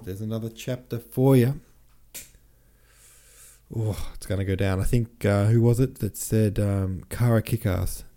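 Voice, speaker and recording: Deep, mellow male audiobook narrator. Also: steady tone, unhurried, pauses often. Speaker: audiobook podcast host. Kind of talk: scripted narration of a classic novel.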